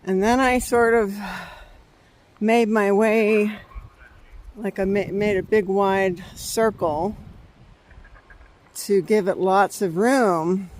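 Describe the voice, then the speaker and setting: A woman's voice: medium pitch, fairly even intonation, takes it slowly, long pauses, darkish tone. A woman from California telling a story in a rambling, chatty vlog on an outdoor trail, laughing often as she talks. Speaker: travel vlogger.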